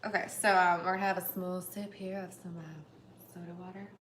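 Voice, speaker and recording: A woman's voice: on the low side, little pitch movement, moderate pace, a bit bright, a little hiss or hum. A young woman hosting a cooking livestream at home, chatting casually and giggling as she cooks. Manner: chatty and giggly, with playful asides. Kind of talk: casual chat while cooking. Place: home kitchen. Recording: echoey kitchen with clattering pots and dishes.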